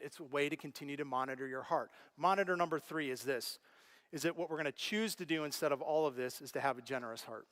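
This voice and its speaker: Male pastor, higher-pitched, preaching with lively, animated storytelling. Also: fast talker. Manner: animated storyteller, acts out his own reactions. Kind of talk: sermon.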